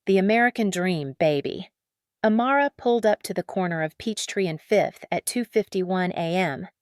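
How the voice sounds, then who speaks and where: Woman narrator, low voice, dry close recording, even scripted storytelling. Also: moderate pace, no room sound.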